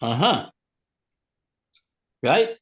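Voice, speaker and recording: Man, rabbi teaching a class, slow-paced, slightly high voice, halting, lots of fillers. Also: big pitch swings, fairly bright tone, highs cut off. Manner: hesitant, many fillers and restarts. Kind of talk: slow text study, reading and translating.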